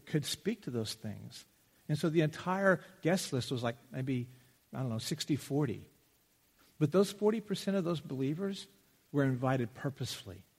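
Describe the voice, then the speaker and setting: Animated pastor preaching in a reverberant hall. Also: male voice, on the high side. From Texas. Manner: conversational, animated storytelling with acted-out quotes. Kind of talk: sermon. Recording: long reverb of a large hall.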